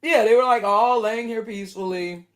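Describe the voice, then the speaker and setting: A woman giving casual spoken commentary to her viewers, indignant and animated, laughing between her points. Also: fairly high pitch, normal speed. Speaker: video commentator.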